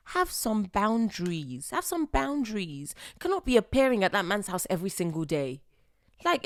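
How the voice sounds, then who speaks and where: A young woman, hosting a podcast and giving blunt, animated relationship advice. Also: medium pitch, no echo, studio quality. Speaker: podcast host. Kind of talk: advice monologue.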